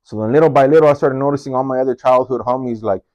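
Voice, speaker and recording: A man telling a story from his own life in a casual, slangy, profane way, leaping up in pitch whenever he quotes someone. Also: very fast, darkish tone, dry recording. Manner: slangy and profane, jumps into high-pitched voices when quoting. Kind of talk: casual first-person storytelling.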